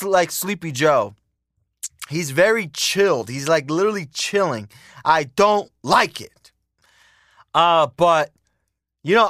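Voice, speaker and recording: A man's voice: fairly high pitch, a bit bright, dry recording, studio quality. A young man hosting a podcast, ranting casually and heatedly with lots of profanity and repetition. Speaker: podcast host. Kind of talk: casual political rant.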